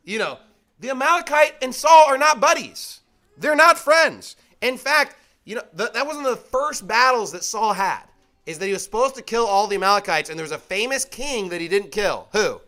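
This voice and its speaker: In a casual, conversational Bible teaching, a man with a high-sitting voice talks at normal speed, animated and bright with a forceful edge. He keeps asking rhetorical questions and emphatically circles back to the same points.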